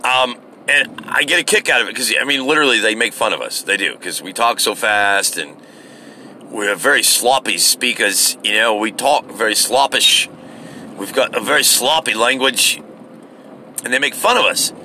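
An American man who rambles casually and loosely, with many fillers and frequent swearing. His voice is very bright and sharp. A faint hum of ambient noise sits under his talk. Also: mid-range voice, moderate pace. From United States.

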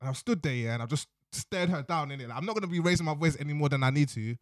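A young man telling a story in casual chat, lively and slangy, often tagging lines with "innit". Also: on the high side, racing, dry recording, studio quality. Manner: animated, slangy, repeats "innit" and "you know what I mean".

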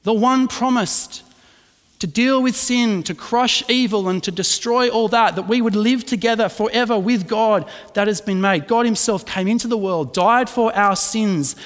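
A middle-aged preacher with a fairly high voice, mixing chatty, self-mocking stories with earnest preaching. His voice carries a long reverb, as if heard in a church hall. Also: moderate pace, a bit bright. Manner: chatty, self-deprecating storytelling that turns earnest. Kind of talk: sermon with personal anecdote.

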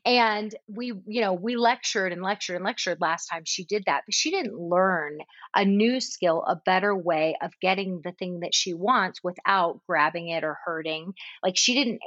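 A woman coaching on parenting in casual conversation, animated, often acting out what a parent says to the children. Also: lowish voice, no echo. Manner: animated, acts out soothing parent dialogue. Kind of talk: conversational advice. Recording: slightly dull, dry recording.

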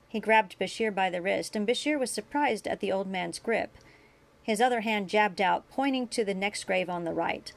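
A woman reading her fan fiction aloud in a steady narrating manner. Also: mid-range voice, normal speed, vocal fry. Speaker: story reader.

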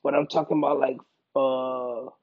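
A man's voice: medium pitch, normal speed, breathy edge, dry recording, muffled recording. A man, a fighter being interviewed, talking casually and emphatically, repeating his points. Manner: emphatic, repeats himself, bursts into loud excited quoting.

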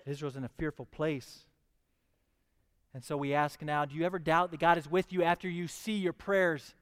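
A man's voice: a little high, fairly even intonation, normal speed, fairly bright tone, clean tone, long reverb tail. A man preaching a sermon, reading scripture aloud and pressing his listeners with questions. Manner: reads scripture, then preaches with rising fervor.

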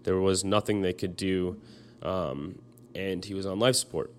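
Young guy, kinda low voice, choked up, lots of uhs and restarts while he tells it. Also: steady tone, slight background noise. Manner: halting, many fillers and restarts. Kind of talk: personal storytelling.

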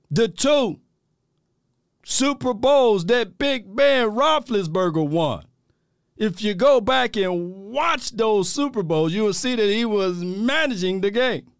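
High, smooth-voiced man ranting on sports. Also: no echo, clean studio sound. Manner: animated and exasperated, repeats phrases, laughs often; drawling, informal speech. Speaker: sports talk show host. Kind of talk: livestream sports commentary and reading viewer chats.

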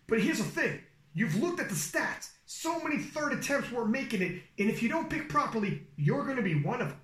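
Male podcast host, forceful casual talker, echoey call audio. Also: very high voice, sing-song, fairly quick. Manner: emphatic, profane, explains coaching logic.

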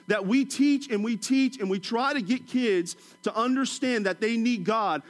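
A middle-aged male preacher from Washington, D.C., with a notably high-pitched voice. He preaches with chuckling, humorous storytelling and sinks into a hushed, low tone to drive his points home. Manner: drops to a soft, low voice for emphasis. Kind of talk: sermon.

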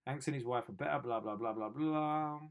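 A man's voice: medium pitch, brisk, narrow, tinny audio. A young man, riffing sarcastically on news stories as host of a comedy show. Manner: joking, sarcastic, slangy.

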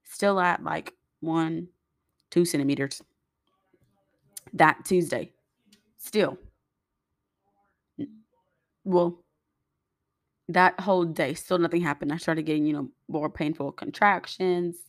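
Chatty young woman with a low voice. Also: fairly even intonation, slow pace, pauses often, dry recording, clean studio sound. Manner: chatty, rambling, acts out quoted voices. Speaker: vlogger. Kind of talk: casual storytelling to viewers.

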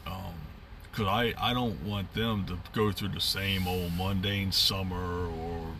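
Bright-voiced man musing off-mic. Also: fairly low pitch, far from the mic, slight background noise. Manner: rambling, upbeat, with frequent fillers and restarts. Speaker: podcast host. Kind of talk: casual reflective monologue.

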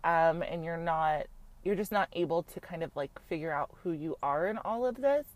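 A woman's voice: sits low, moderate pace, dry recording. A woman giving a casual, gossipy recap of a reality show, frank and chatty, peppering her talk with "like" and the odd swear. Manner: chatty, frank, heavy use of "like", swears freely.

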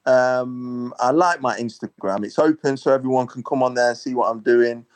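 An easygoing man talks as a guest on a podcast, in a relaxed, casual tone. His voice sits at a mid pitch. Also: normal speed.

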